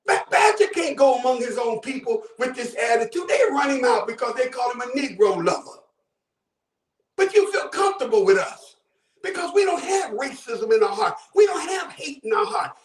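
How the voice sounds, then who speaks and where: A man's voice: very high-pitched, sing-song, normal speed, reverberant, far from the mic. A man from Buffalo, New York, calling in to a talk show with fervent, preacher-like commentary, often raising his voice. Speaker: caller. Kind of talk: impassioned call-in commentary.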